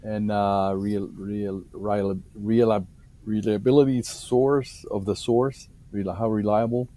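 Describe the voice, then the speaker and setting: Male guest researcher, somewhat low and mellow, halting podcast delivery full of fillers while reading encounter cases. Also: steady tone. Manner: halting, with frequent fillers and restarts. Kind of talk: podcast interview, reading case reports.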